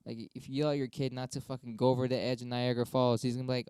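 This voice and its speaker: A young man rants his way through debate prompts on his own stream, swearing freely and arguing both sides. His voice is dark and smooth, and it sits dry and close to the mic. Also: medium pitch, level tone, fast talker, hardly any pauses, no room sound. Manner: profane, rambling, argues both sides with himself. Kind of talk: casual solo monologue.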